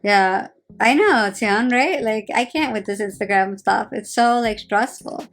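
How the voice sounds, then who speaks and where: A woman's voice: fairly high pitch, a little slow, fairly bright tone. New Jersey woman, 30s, tired and sarcastic, rambling phone-live chat with faint background music. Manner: rambling, heavy "like" fillers, sarcastic. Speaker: reality TV personality on a live stream. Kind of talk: casual live-stream chat.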